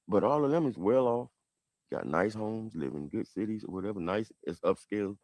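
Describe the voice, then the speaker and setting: A man with a Southern American accent telling a heated family story on a livestream, rambling and swinging between loud and quiet. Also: medium pitch, brisk, dry recording. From southern United States. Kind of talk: animated livestream monologue.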